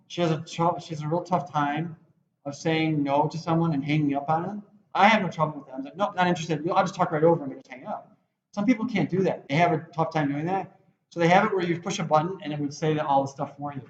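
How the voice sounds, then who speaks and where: A man teaches a web design class, rambling through asides and acting out quoted lines. His voice sits high for a man. The recording is roomy and a little muffled. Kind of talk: classroom lecture.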